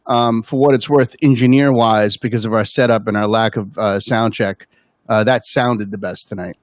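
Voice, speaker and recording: A man's voice: fairly low pitch, fairly even intonation, moderate pace, no room sound. A man hosting a live-stream music show, chatting in a jokey way and cutting in to speak to viewers. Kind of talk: casual chat on a live stream.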